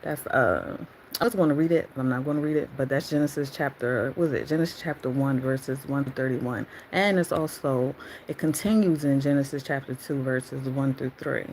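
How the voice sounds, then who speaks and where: A woman's voice: extremely low pitch, normal speed, darkish tone, slight background noise, poor audio. A woman sharing a casual devotional talk, rambling and reflective and often correcting herself. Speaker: faith vlogger.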